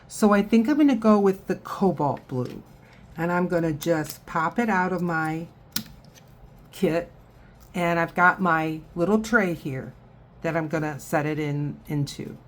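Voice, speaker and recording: A woman's voice: lowish voice, a little slow. A woman giving a casual painting tutorial, chatting and thinking aloud as she works. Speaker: watercolor instructor.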